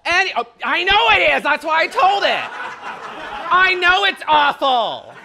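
A woman's voice: very high voice, big pitch swings, unhurried, gravelly. A Canadian drag queen performing a crude, teasing stand-up set on stage. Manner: brash, crude punchlines, teasing the audience. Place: stage before a live audience. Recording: loud live crowd and noise.

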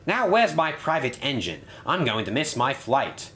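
A man voicing a pompous, excitable male railway inspector in a high, theatrical voice for a toy-train story. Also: normal speed. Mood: smug.

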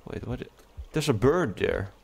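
A man giving relaxed, chatty commentary while playing a game, talking to the creatures on screen. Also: mid-range voice, unhurried, vocal fry, slightly rough. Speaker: let's play gamer. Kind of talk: casual gameplay commentary. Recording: faint game music behind.

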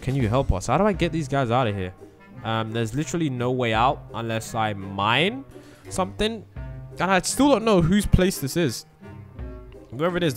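A man hosting a gaming channel, giving let's-play commentary in an excitable way, often exclaiming and thinking aloud. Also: mid-range voice.

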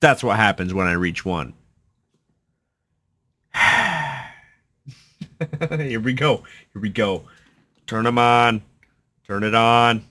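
A man, a musician, giving casual, excited commentary while reacting to a song, thinking out loud with many restarts. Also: lowish voice, takes it slowly, pauses often.

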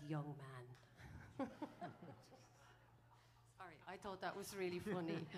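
A woman's voice: fairly low pitch, darkish tone. Chatty Irish woman talking from a stage. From Ireland. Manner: chatty and rambling, many "uh"s, laughs at her own stories. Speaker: folk singer on stage. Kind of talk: onstage banter between songs. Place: small live music venue.

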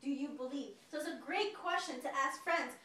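Woman song leader for kids, high bright voice, very echoey and distant. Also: normal speed. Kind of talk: teaching a song. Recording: very echoey room from far off, faint noise.

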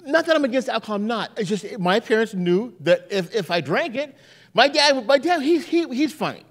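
A man's voice: extremely high pitch, moderate pace. A male pastor preaching a sermon in a church, telling stories and acting out the quotes. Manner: animated storytelling with acted-out quotes.

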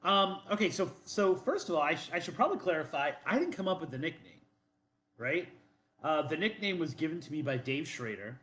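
A man's voice: fairly high pitch, sing-song, brisk, fairly bright tone, reverberant, a little hiss or hum. A man from Boston co-hosting a casual chat show, talking in a rambling, defensive way with many fillers and restarts. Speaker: podcast co-host.

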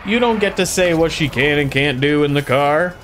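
A man giving casual, profane, excitable commentary while playing a video game. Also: fairly high pitch, moderate pace, a little hiss or hum. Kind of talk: casual let's-play commentary. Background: game soundtrack and sound effects.

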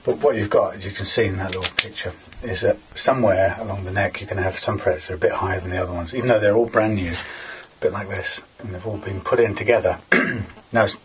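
A man's voice: lowish voice, quick pace, noisy background. A man casually talking through guitar fret work in a workshop, rambling with many fillers as he explains each step. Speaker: guitar repairer.

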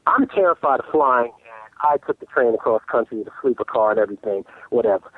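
Over a tinny telephone line, a male call-in guest on a casual phone interview tells animated stories at a brisk pace, constantly restarting his sentences. His voice sits at medium pitch and the recording is dry.

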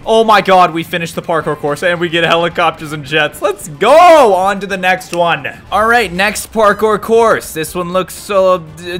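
A young man giving excitable gameplay commentary, swinging from low muttering to sudden yelps and shouts, laughing often. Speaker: gaming YouTuber.

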